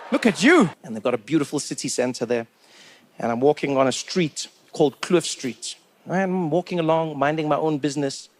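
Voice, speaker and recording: A man from Africa, telling stories on stage in a chatty, animated stand-up comedy style, on a handheld mic. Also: sits high, slightly rough. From South Africa. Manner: chatty, animated, acts out characters. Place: stage at a live show.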